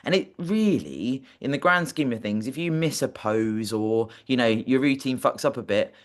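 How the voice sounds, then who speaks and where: Male host, mid-pitched, chatty and loose, swears freely. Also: expressive, moderate pace. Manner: chatty, swears casually, asks tumbling questions. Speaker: podcast host. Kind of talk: casual podcast chat.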